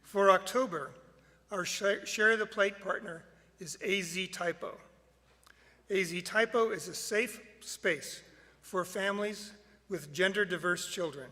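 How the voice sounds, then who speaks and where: A man leading a worship service, reading opening words and the offering in a measured, deliberate way. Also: sits high, pushed and bright, in a large hall. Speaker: worship leader. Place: sanctuary.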